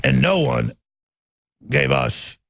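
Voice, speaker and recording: A man hosting a talk radio show, ranting with passion and swinging between loud outbursts and low muttering. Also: takes it slowly, creaky, very noisy.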